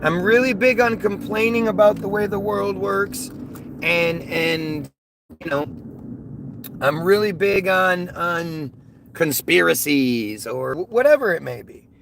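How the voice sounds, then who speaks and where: Man from the US, higher voice, livestreams from his car over steady road noise, rambling rants with repeated words. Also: measured pace, vocal fry. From United States. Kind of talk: casual livestream talk reading chat aloud. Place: inside a car while driving.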